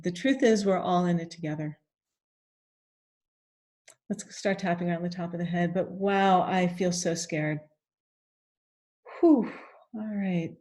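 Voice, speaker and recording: Slow, gentle woman guiding a tapping session. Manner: gentle, breathy pauses with sighs and deep breaths; repeats phrases slowly in the first person. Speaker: EFT tapping coach.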